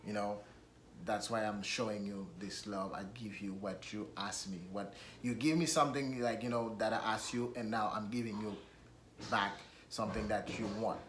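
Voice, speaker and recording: A man with a Haitian accent co-hosting a casual chat, speaking haltingly with many ums. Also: fairly low pitch, steady tone, a bit bright, echoey room, a little hiss or hum. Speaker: co-host.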